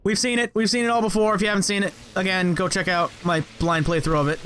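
High-voiced, swearing man playing a game. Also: fairly even intonation, fast, fairly bright tone. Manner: profane, jokey, talks to game enemies. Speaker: gameplay commentator. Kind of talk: let's play commentary.

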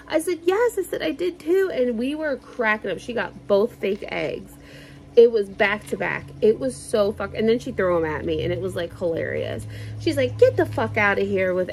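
A woman vlogger in her thirties tells a story straight to camera. Her talk is loose and rambling, full of "like" and casual swearing. Her voice sits at a plain middle pitch. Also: poor audio. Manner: rambling, profane, animated storytelling with many fillers.

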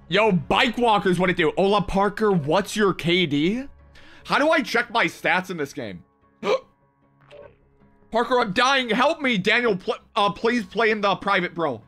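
A man's voice: high voice, expressive, a little slow, bright, forceful tone, faint music behind. A young man livestreaming a mobile game, reading his chat aloud with hyped, playful, slangy banter. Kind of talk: live gaming stream, reading chat.

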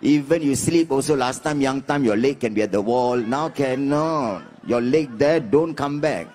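A man in his fifties with a Singaporean English accent, doing chatty, mock-exasperated stand-up comedy and jumping into shrill voices for the characters he acts out. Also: normal speed, a little mellow. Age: 50s.

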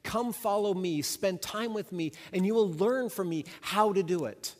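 A man voicing Jesus as a gentle, encouraging male teacher who offers repeated reassurance. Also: sits high, moderate pace, pitched above the performer's own voice, natural voice. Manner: warm, repetitive reassurance. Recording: long hall reverb.

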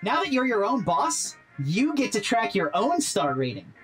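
An upbeat, earnest robot gig worker, voiced by a woman for a game, chipper and eager to please. The voice bounces with animated, lively pitch. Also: normal speed, faint music behind, close to an everyday voice. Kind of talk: game character dialogue.

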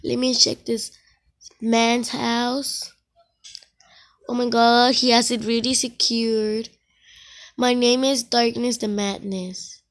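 A woman giving casual commentary while playing an online game, excitable and full of exclamations. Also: on the high side, slow, long pauses. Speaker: gamer.

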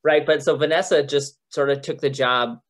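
A man's voice: mid-range voice, fairly even intonation, normal speed. A man who is a TV head writer, talking casually in a podcast interview, chatty with frequent laughs and restarts. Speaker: TV executive producer and head writer.

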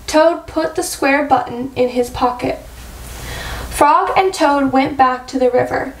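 Slow, high-voiced teacher reading a picture book. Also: female voice. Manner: slow, clear storytelling for children. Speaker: first grade teacher. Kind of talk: picture-book read-aloud. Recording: echoey room, far-off mic.

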